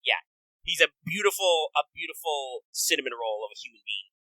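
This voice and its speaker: Guy on a game podcast, super bright voice, keeps doing little character voices. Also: a little high, dry recording, poor audio. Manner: animated, acts out characters in quick put-on voices. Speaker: podcast co-host. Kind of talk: casual game discussion.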